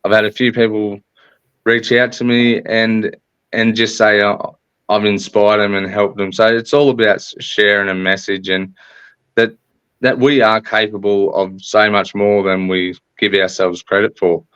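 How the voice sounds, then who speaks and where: A man's voice: lowish voice, flat delivery, measured pace, a bit bright, clean tone, no echo. An Australian man talking as a podcast guest over a recorded online call, sharing motivational messages in an earnest, upbeat way. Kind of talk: casual interview talk. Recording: dull lo-fi call audio.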